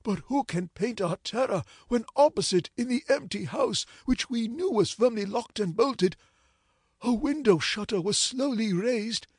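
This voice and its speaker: A man narrating an old ghost story in a measured, dramatic reading. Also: very high voice, expressive, husky, no room sound, clean studio sound.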